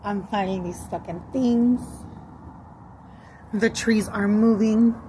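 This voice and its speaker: A woman's voice: mid-range voice, steady tone, takes it slowly, dark tone, a little hiss or hum, poor audio. A woman telling a rambling, profane story to her viewers in a casual vlog. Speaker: vlogger.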